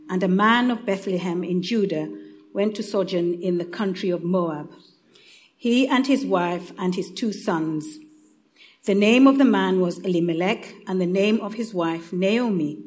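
Gentle woman with an East African accent. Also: mid-range voice. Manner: gentle, unhurried, with small restarts. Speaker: church reader leading prayer. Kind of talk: prayer and Bible reading. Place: church.

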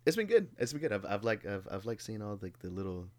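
A man's voice: lowish voice, big pitch swings, fast. A young man hosting a podcast in casual chat. He is laid-back, swears freely and laughs often. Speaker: podcast host. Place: warm home room.

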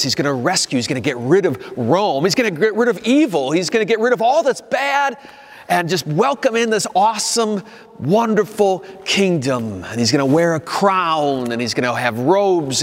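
A male pastor preaching a sermon in a conversational way, his pitch rising and falling for emphasis. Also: in a large hall.

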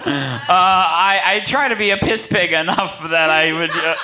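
A man with a lisp hosting a comedy table read, energetic and joking. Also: sits high, measured pace. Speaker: host.

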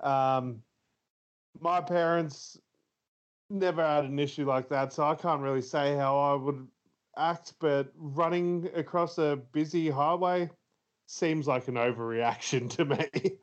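A man co-hosting a podcast, talking slowly through a film's plot in a loose, rambling way. He pads his sentences with fillers and laughs often. The recording sounds a little dull and muffled. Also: on the high side. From Australia. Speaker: podcast co-host. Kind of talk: casual movie review chat.

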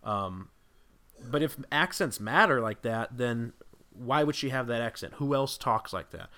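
A man speaking as a guest on a podcast, thinking out loud with lots of fillers and restarts. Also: medium pitch, lively intonation, measured pace. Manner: rambling, thinking aloud with many fillers. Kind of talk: casual podcast discussion.

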